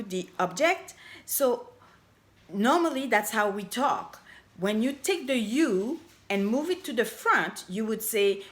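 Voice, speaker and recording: A middle-aged woman coaching on language, giving an upbeat, emphatic grammar lesson and slowly stretching out her example phrases. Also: medium pitch, a bit bright. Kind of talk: casual explainer lesson to camera.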